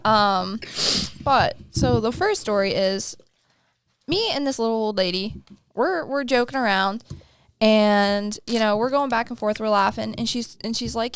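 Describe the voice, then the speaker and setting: A woman's voice: on the high side, expressive, normal speed, smooth, no echo. A woman around thirty co-hosting a podcast, telling stories in a chatty way and acting out the dialogue. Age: about 30. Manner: chatty, laughing, acts out dialogue. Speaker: podcast co-host. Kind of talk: casual storytelling chat.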